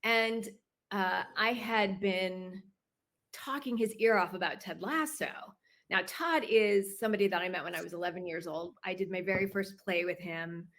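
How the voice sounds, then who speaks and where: A woman from Chicago, a guest on a video-call interview, telling a personal story and pausing to gather her thoughts. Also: mid-range voice, fairly bright tone. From Chicago, United States.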